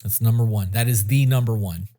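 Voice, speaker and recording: A man's voice: on the low side, brisk, mellow. A man co-hosting a podcast in casual chat, blunt and rambling, swearing freely. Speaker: podcast co-host.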